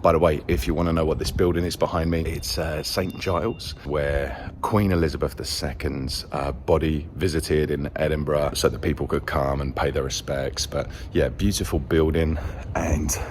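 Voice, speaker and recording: A man's voice: rumbling low, steady tone, moderate pace, slight background noise. A man narrating a book travel vlog outdoors in a city, chatty and playful. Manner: chatty, playful, enthusiastic storyteller. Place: outdoors in a quiet city street at dawn.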